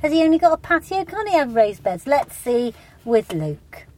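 A British woman co-hosting a podcast, chatty and bubbly with quick asides. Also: sits high, big pitch swings, a little mellow. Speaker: podcast co-host. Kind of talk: casual chat.

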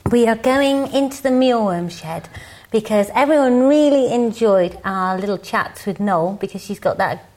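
A woman with a fairly high voice hosts a podcast. She reads listener mail and teases her co-host in a brisk way. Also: animated, darkish tone. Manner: brisk, teasing.

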